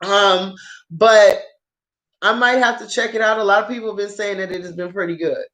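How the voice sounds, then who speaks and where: A woman's voice: mid-range voice, normal speed. A woman chatting casually to her viewers about dramas she has watched, swearing freely and laughing often. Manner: profane, excitable, laughs often. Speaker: drama review vlogger. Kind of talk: casual unscripted chat to viewers. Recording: roomy echo.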